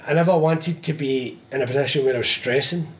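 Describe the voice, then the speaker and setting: A man's voice: medium pitch, quick pace. Laid-back man, swears and laughs. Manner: swears freely, laughs often, acts out phone calls. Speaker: metalwork business owner, guest. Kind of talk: casual chat.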